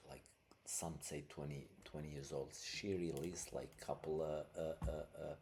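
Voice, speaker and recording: Deep, gravelly, slow-talking man. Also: fairly even intonation, darkish tone, slight background noise. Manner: rambling, loose, many fillers. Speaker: podcast host. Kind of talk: casual commentary.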